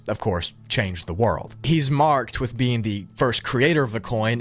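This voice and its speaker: A man narrating a true-crime video in a measured, reflective scripted style. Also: mid-range voice.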